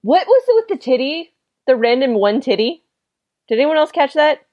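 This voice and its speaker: A woman's voice: sits high, big pitch swings, moderate pace, a little mellow, dry recording, highs cut off. Blunt lady on a comics podcast, bouncy voice, dry close mic. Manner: blunt, laughs, swears. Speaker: podcast co-host reviewing comics. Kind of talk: casual chat.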